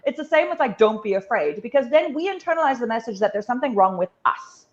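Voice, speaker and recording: A woman's voice: high voice, expressive, fast. A woman speaking earnestly and emphatically in a casual conversation, swearing now and then for emphasis. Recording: dull lo-fi audio.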